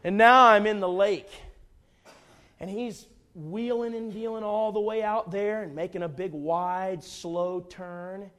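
A man preaching a sermon, telling a folksy, humorous personal story in an animated way. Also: sits high, measured pace.

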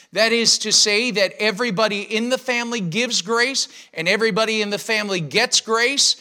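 A man's voice: high-pitched, sharp tone. A middle-aged man, a pastor preaching a sermon emphatically and asking his listeners rhetorical questions.

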